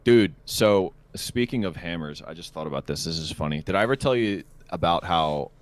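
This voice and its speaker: Deep-voiced, profane male storyteller. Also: expressive, normal speed. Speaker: podcast co-host. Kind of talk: casual chat.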